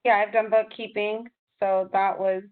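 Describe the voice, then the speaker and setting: Halting woman on a phone-like line. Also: mid-range voice, flat delivery. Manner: halting, searching for words, many restarts. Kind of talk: casual conversation.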